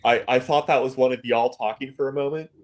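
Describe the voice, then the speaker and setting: A man's voice: medium pitch, fairly even intonation, a little fast. A man co-hosting a stream in casual chat, rambling and hedging with playful asides.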